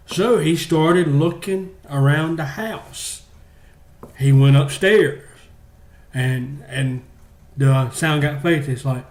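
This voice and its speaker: A man telling a long shaggy-dog joke in a halting, drawn-out way, full of fillers. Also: a little high, darkish tone, roomy sound. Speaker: joke teller. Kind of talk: rambling spoken joke.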